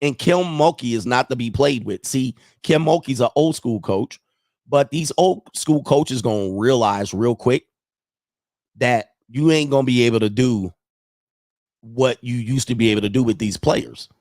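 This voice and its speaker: A man of ordinary pitch hosts a loose sports livestream, wandering from point to point and thinking out loud. His voice sounds dry and close, with no room around it. He chuckles between thoughts. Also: unhurried, no room sound. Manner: rambling, thinks aloud, chuckles often. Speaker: sports show host. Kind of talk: casual livestream sports chat.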